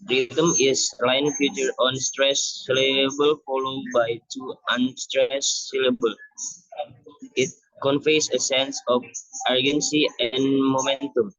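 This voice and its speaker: A young man giving a class presentation on a poem, reading haltingly and restarting words. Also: medium pitch, fairly bright tone, no echo. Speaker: student presenter. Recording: dull lo-fi recording.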